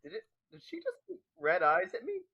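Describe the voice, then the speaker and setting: A player in a casual tabletop game, talking in a jokey, animated way with fillers. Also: mid-range voice, normal speed, lo-fi sound. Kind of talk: casual tabletop role-play.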